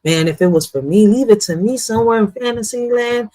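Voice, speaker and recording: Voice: medium pitch, brisk, warm tone, rough recording. A true crime commentator speaking bluntly and with profanity, addressing viewers directly in casual reaction commentary.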